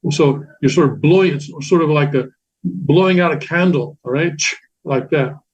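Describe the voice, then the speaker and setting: Patient man teaching, slightly high voice. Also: moderate pace, a little mellow. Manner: patient, repetitive, many fillers and restarts. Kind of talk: classroom lecture explaining Korean letters. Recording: dull lo-fi sound.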